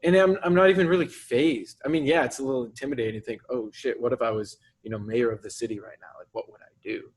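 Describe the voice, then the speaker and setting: A man's voice: medium pitch, fast talker, few pauses, slightly rough. A man co-hosting a casual podcast, talking enthusiastically, laughing as he goes and swearing casually. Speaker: podcast co-host.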